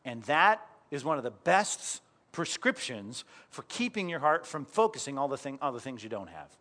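A man's voice: medium pitch, sing-song, normal speed, bright, forceful tone. A middle-aged man preaching a sermon as a pastor, conversational and story-driven, often putting direct questions to his listeners.

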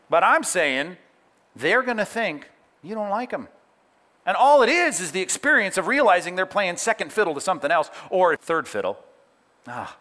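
Animated male preacher with lively pitch. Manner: animated preaching with acted-out quotes and asides to note-takers. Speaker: pastor. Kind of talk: sermon.

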